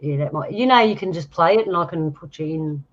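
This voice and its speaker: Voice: medium pitch, lively intonation, a little fast. Chatty host with muffled sound. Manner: chatty, laughing, rambling anecdote. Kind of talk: casual chat and storytelling.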